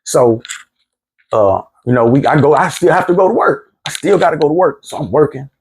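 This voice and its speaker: A man's voice: on the high side, animated, a little fast, creaky, darkish tone, slight background noise. A middle-aged man candidly recounting his own past in a plainspoken, street-casual way, often repeating himself. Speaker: former prisoner telling his story. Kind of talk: candid storytelling monologue.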